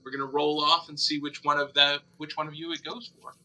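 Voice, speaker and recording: A man running a tabletop game as dungeon master, narrating lively and acting out monster screams. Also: a little high, brisk.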